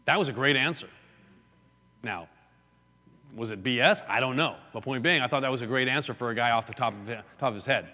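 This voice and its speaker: A man's voice: medium pitch, a little fast, pauses often. A man giving a live seminar talk to an audience, acting out stories and gestures as he teaches. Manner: animated storyteller, acts out gestures and quotes. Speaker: real estate seminar speaker. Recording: long hall reverb.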